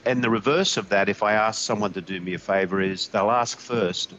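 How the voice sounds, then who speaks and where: A middle-aged Australian man, a company CEO being interviewed, telling stories in a folksy, animated way and acting out quotes. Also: lowish voice, normal speed, few pauses, highs cut off, faint music behind. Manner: animated, folksy storyteller who acts out quotes. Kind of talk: interview conversation.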